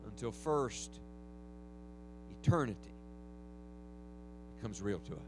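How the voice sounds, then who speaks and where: A man's voice: medium pitch, animated, a little slow, pauses often, over music. A man preaching a revival sermon to a church congregation, with emphatic rises and humorous asides. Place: church sanctuary.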